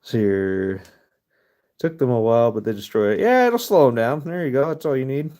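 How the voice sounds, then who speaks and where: A man's voice: medium pitch, expressive, moderate pace, mellow. A man hosting a casual live stream while stamping metal in his workshop, rambling, swearing often and laughing easily. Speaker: livestream host.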